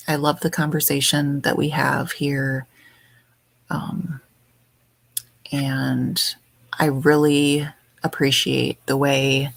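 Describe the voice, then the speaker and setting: A woman hosting a livestream, greeting her viewers one by one in soft, affectionate, rambling chat from home. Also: extremely low pitch, gravelly, no echo. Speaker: livestream host.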